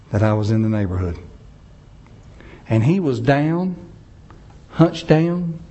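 A man with a high-sitting voice and a dark tone preaches a sermon, telling a story with dramatic swings of pace and emphasis. The recording has a dull, lo-fi sound.

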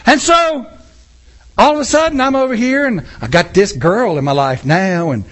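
A man's voice: high-pitched, normal speed. A man preaching a sermon in church, acting out scenes with a volunteer from the congregation. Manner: animated, acts out scenes with a volunteer. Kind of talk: sermon with audience interaction.

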